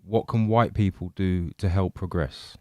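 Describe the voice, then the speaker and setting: A man co-hosting a podcast, speaking in a measured, thoughtful way. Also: low voice, fairly even intonation, warm tone, dry recording. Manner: measured, thoughtful, reads aloud. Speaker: podcast co-host. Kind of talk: casual chat.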